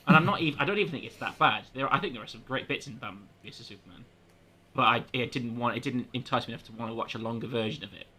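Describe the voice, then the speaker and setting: Podcast guest guy, bright punchy voice, measured, fixes his words as he goes. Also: medium pitch, slightly rough. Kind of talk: casual film chat.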